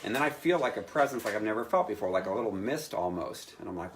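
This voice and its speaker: A man telling a personal story to a live audience, animated and laughing as he acts out his own quotes. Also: fairly low pitch, quick pace, few pauses, crowd noise. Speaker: speaker telling his testimony.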